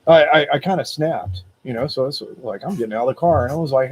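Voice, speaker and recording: A man hosting a motivational video, telling a personal story in a casual, animated, slangy way. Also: medium pitch, fast talker, slight background noise. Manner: greets viewers live by name.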